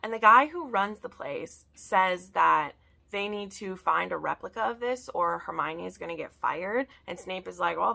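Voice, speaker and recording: A woman's voice: on the low side, creaky, pushed and bright. A woman chatting casually in a book review vlog, peppering her talk with "like". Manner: chatty, frequent "like" fillers.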